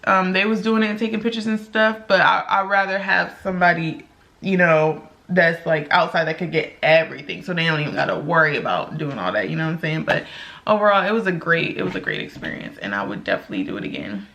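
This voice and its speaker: Chatty young woman, bright gravelly voice. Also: animated, fast, dull audio. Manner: candid, chatty, laughs often, acts out quotes in a high voice. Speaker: vlogger. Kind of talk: casual storytelling vlog.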